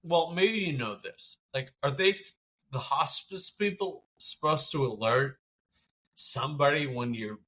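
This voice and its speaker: A man, a podcast guest, telling a personal story in a halting, conversational way with many restarts and fillers. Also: fairly high pitch, a bit bright.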